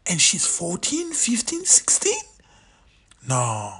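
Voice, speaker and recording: A man's voice: high-pitched, wildly swooping pitch, slow pace, bright, forceful tone, slightly rough. A man in his late thirties hosting his own show, giving an emphatic, opinionated commentary monologue, repeating his points and sometimes dropping to a near-whisper. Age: 30s. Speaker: show host.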